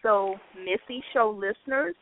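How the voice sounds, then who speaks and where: A woman's voice: medium pitch, unhurried. A woman hosting an internet radio show in a friendly, chatty way, laughing easily as she talks with her co-host. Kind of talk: casual internet radio chat. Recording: tinny phone line.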